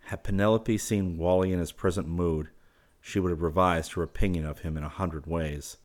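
A man reading an audiobook in a steady, measured narration. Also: deep voice.

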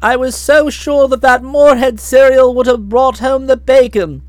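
A blustering middle-aged aunt with a quick temper and a hearty, slangy bark, as a woman reads her in an audiobook. Her voice sits high and she takes her time over the words. The sound is close and dry. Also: steady tone, a little mellow, dry recording. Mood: grumbling. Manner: bluff, hot-tempered, slangy. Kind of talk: audiobook reading.

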